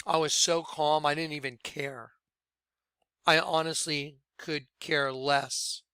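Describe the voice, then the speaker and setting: Bright, crisp-voiced man preaching. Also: on the high side, fairly even intonation, takes it slowly, no room sound. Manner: earnest, drops to quiet hushed tones when quoting. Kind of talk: sermon-style testimony.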